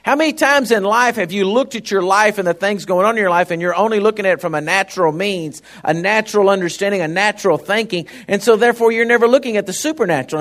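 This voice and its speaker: A man's voice: high voice, fast talker, few pauses, fairly bright tone. A man preaching a sermon in a folksy, conversational way, often turning to the congregation with asides.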